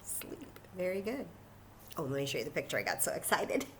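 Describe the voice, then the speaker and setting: A woman librarian reading a picture book aloud at children's story time, animated and enthusiastic, talking to the kids. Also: lowish voice, fast talker, a little hiss or hum.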